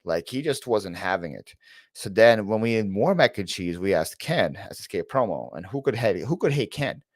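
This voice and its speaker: A man talks casually on his own live stream, greeting viewers by name and drifting into long, rambling stories full of "like" and restarts. His voice sits on the low side, and the sound is close and dry with little room around it. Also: animated, normal speed, no room sound. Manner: rambling storyteller, reads chat names aloud, frequent fillers and restarts. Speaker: reseller YouTuber hosting a live Q&A.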